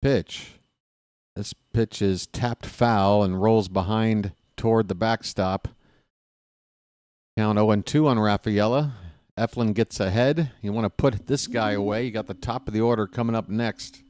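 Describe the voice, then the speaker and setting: Baltimore-accented man, fan-style solo play-by-play; low-pitched, dry close sound. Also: a little slow, dry recording. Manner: excited fan rooting for his team. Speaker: play-by-play announcer. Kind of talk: solo baseball play-by-play commentary.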